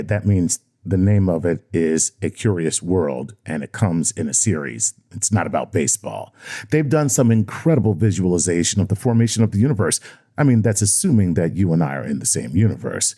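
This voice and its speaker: Joking low-voiced male co-host. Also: dark tone, dry recording, studio quality. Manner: joking, self-mocking, lots of fillers. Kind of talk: casual podcast banter and ad read.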